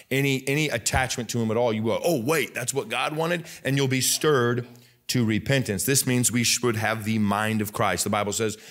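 A man's voice: mid-range voice, a bit bright. Man preaching with emphatic rising bursts. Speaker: pastor. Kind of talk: sermon. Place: church sanctuary.

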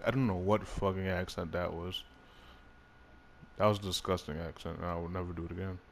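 Male gaming creator, low voice, loose excitable play-by-play with swearing. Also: fairly quick, gravelly, slight background noise. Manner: excitable, swears, laughs at himself. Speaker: gaming YouTuber. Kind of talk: casual gameplay commentary.

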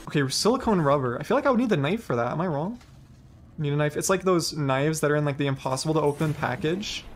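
Excitable rambling male game streamer. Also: on the high side, fast talker, gravelly. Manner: chatty and rambling, shrieks and laughs when startled. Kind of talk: live gameplay commentary. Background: faint game music.

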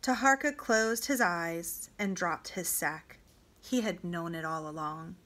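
A woman reading a novel aloud to students, with a deliberate, dramatic delivery. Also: lowish voice, a bit bright. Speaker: reader for homeschool students.

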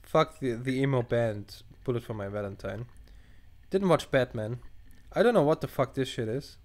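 Here a young gaming channel host, not a native English speaker, casually narrates his let's play in a mid-range voice at moderate speed. He thinks aloud over the choices he's reading and gets animated, cursing at what happens.

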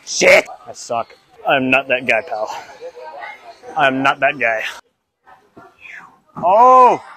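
A man's voice: medium pitch, steady tone, unhurried, pushed and bright. A young man vlogging his gymnastics practice on a clip-on mic, self-deprecating and tired, often out of breath. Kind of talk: mic'd-up gym vlog commentary. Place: indoor gymnasium.

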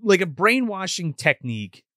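A man's voice: high-pitched, big pitch swings, moderate pace, sharp tone, dry recording, clean studio sound. A man co-hosting a podcast, chatting casually and profanely about a horror movie, retelling its scenes. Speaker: podcast co-host. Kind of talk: casual movie review chat.

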